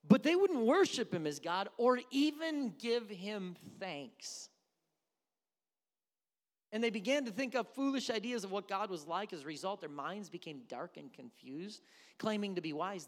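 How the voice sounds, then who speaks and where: A man's voice: sits high, a bit bright. Chatty preacher guy joking around mid-sermon, voice jumps all over, long church echo. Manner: conversational and joking, breaks into singing and mimicry. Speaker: pastor. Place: church sanctuary. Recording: echoey hall.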